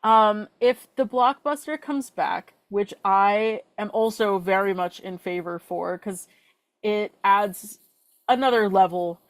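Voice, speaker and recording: A young woman co-hosting a fan podcast in casual chat, chatty with quick asides and filler words. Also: mid-range voice, no echo. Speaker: podcast co-host.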